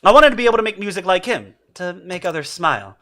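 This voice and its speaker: A retired pianist turned tavern keeper looks back on his hometown in a soft, lowered voice, as a man reads him out. His tone is wistful and unhurried. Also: lively intonation. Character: male tavern master, former pianist, reminiscing.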